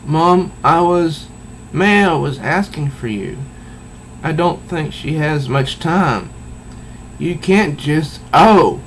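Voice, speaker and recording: A man's voice: a little high, animated, takes it slowly, a little hiss or hum, pitched above the performer's own voice, low-quality recording. A man voicing a distraught young woman who pleads for help, read aloud from a comic. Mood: pleading.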